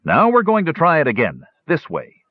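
A man's voice: fairly high pitch, huge pitch swings, normal speed, slightly rough, no room sound, pitched above the performer's own voice, exaggerated voice. A man voicing a jovial male hill dwarf in an audiobook, in a blunt, amused way. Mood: instructing. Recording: dull lo-fi recording.

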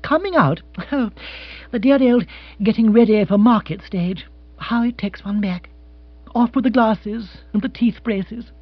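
A man's voice: high voice, measured pace, no echo, pitched above the performer's own voice. A man voicing a wry, sophisticated young wife. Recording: dry, slightly dull audiobook.

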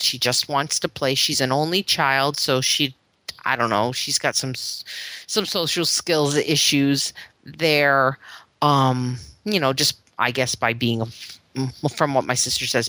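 A woman's voice: a bass voice, sharp tone, no room sound. A middle-aged woman from Florida, co-hosting a podcast and telling a long family story in a rambling, casual way. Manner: rambling storytelling, acts out quoted voices. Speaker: podcast co-host. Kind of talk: casual chat.

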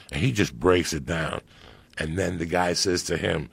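A man with a gravelly voice telling animated, profane stories as a podcast guest and acting out movie quotes. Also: low-pitched, normal speed, no echo. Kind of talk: profane storytelling.

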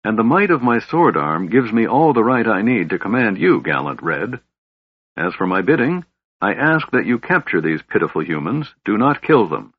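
A man's voice: on the low side, breathy edge, dry recording, heavily acted. A man voicing a cold, imperious, masked human warlord who commands dragons, in an audiobook. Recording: dull lo-fi audiobook recording.

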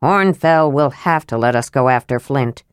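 A woman's voice: extremely low pitch, normal speed, clear, resonant tone, no echo, clean studio sound. A woman reading an audiobook aloud and voicing an earnest male knight who speaks in a solemn, grave way.

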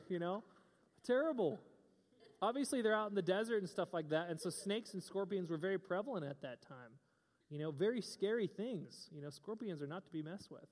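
Young male pastor, chatty and joking from the pulpit, a touch high-voiced, long hall echo. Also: a little fast, darkish tone. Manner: joking, conversational, playful asides. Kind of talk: casual sermon.

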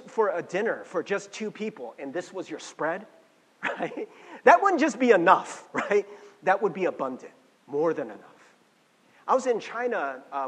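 A man with a notably high voice gives a classroom lecture, his pitch swinging widely as he talks. He keeps it conversational and often asks the room a quick "right?". His voice rings out with a long hall reverb. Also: husky. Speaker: teacher.

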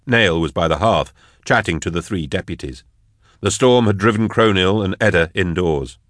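A man narrating an audiobook in an even, measured delivery. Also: low-pitched, dry recording, studio quality. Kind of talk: scripted narration.

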